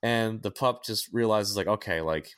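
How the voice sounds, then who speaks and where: Young guy on a podcast, kinda low voice, cusses a lot, jumps around telling a story. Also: moderate pace, clear, resonant tone. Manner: profane, animated storyteller with many restarts. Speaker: podcast co-host. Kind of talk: casual chat, storytelling.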